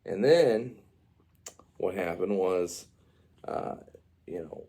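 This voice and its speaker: A man's voice: low voice, animated, slow, dark tone. A man telling his baby a rambling, improvised story, full of fillers and asides.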